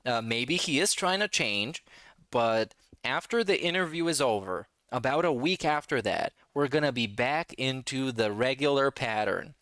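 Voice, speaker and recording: A man's voice: mid-range voice, animated, moderate pace, fairly bright tone, dry recording. Sarcastic man hosting a reaction commentary. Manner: sarcastic, mocking. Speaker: commentary channel host.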